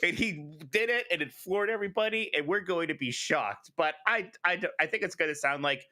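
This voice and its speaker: A man talking casually as a podcast co-host, with a fairly high, bright voice. His pitch swings widely as he jokes, and he often laughs while he talks. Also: lively intonation, brisk. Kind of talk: casual chat.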